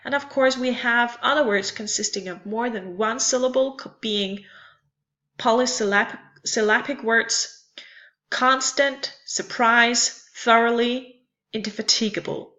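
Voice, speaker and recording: A woman's voice: a little high, unhurried, pushed and bright, muffled recording. A woman teaching a lesson in a careful, explanatory way, repeating and spelling out terms. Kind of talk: slow explanatory lecture.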